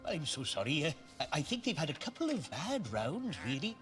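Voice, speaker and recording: A man voicing a gentle, old-fashioned Welsh puppet storyteller who talks politely with soft fillers, in a clip played over music. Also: fairly high pitch, wildly swooping pitch, brisk.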